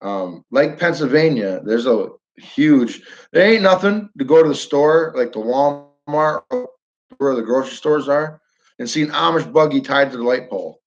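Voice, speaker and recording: A man's voice: mid-range voice, animated, moderate pace. A man from Northern New York chatting casually to his viewers, rambling and chuckling as he tells a story. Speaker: live stream host. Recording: dull lo-fi audio.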